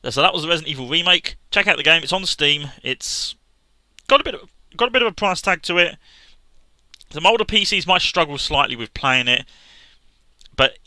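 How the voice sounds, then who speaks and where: A man talking sincerely to camera as a gaming vlogger, halting with restarts and fillers. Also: a little high, bright, forceful tone, no room sound. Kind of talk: casual earnest talk to camera.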